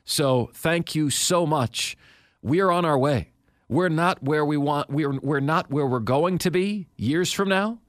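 Man, sports radio host, slightly high voice, confident, emphatic, repeats himself, dry studio sound. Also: no echo. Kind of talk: sports talk radio monologue.

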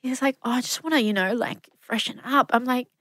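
A woman's voice: fairly high pitch, a little fast, dry recording. Woman, 30s, chatty guest storyteller, acts out quotes, dry close mic. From Australia. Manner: animated storyteller, acts out quotes, swears casually. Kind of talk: casual storytelling interview.

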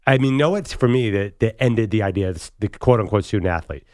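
A man co-hosting a studio sports talk show, arguing his point in a fast, emphatic way. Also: lowish voice, a little mellow, no room sound. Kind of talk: casual studio debate. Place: studio set.

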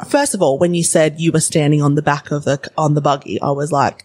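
Aussie woman hosting a chatty podcast, husky lowish voice. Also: a little fast, hardly any pauses. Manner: chatty, animated reactions. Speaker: podcast host. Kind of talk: casual podcast chat.

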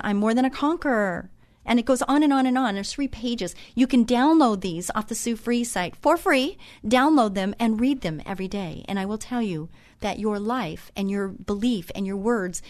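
A middle-aged woman hosts her own talk show with a chatty, folksy way of telling stories. She is earnest and a touch preachy, repeating her lessons for emphasis and filling gaps with um and uh. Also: medium pitch. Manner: chatty, folksy storytelling with frequent um and uh. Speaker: radio show host. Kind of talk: motivational talk show monologue.

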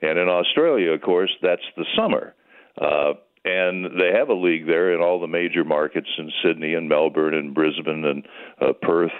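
A man's voice: low voice, normal speed. An older American man, a sports broadcaster, telling stories in an easygoing, rambling way as a guest on a radio show over the phone. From United States. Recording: tinny phone line.

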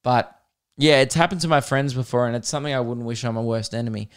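A young man, hosting a podcast and telling a comedic story in an animated, swearing way, laughing at his own jokes. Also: medium pitch, fast, smooth. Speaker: podcast host.

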